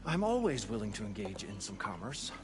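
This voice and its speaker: A man's voice: on the low side, very animated, a little fast. A sardonic, grumbling money man. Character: grumbling money-minded business partner, grown man. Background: loud game music.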